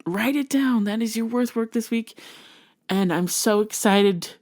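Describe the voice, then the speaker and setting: A woman's voice: fairly high pitch, measured pace, darkish tone. A woman hosting a motivational podcast, speaking earnestly and encouragingly to her listeners. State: emotional. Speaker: podcast host.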